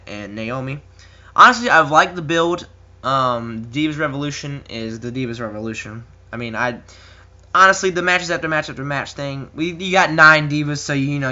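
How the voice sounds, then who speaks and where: A man's voice: mid-range voice, bright, forceful tone, muffled recording. A young man casually giving wrestling predictions on his own, rambling with lots of ums and uhs and little chuckles. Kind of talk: casual solo commentary.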